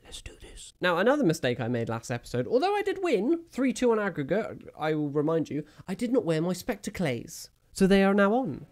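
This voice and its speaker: A man giving jokey, excitable live commentary over a video game he is playing and talking straight to his viewers. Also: on the high side. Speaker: gaming channel host.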